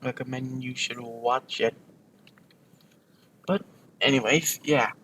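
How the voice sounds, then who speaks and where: A man's voice: medium pitch, fairly even intonation, slow pace, a bit bright, low-quality recording. A man recording a let's play, rambling casually with lots of fillers and restarts as he talks over his gameplay.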